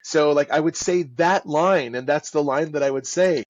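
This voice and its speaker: A man's voice: on the high side, normal speed, few pauses, dry recording, poor audio. A man guest chatting casually in an interview, self-deprecating and slipping into voices as he talks. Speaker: guest author and audiobook narrator.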